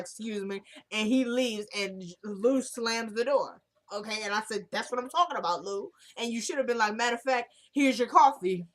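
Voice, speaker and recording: A woman casually recapping a TV drama episode, animatedly retelling and acting out scenes. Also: mid-range voice. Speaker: TV recap vlogger.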